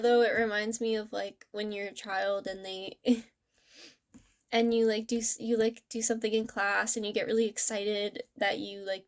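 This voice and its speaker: A young woman giving a tarot reading in a gentle, rambling, casual way, with many restarts. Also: mid-range voice. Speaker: tarot reader.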